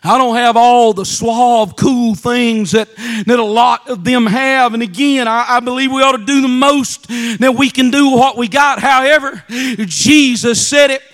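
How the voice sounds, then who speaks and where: A man with a Southern US accent preaching a fervent Pentecostal sermon in a church, shouting hard and then dropping to quiet asides. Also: very high-pitched, fairly even intonation, a little slow. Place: church sanctuary.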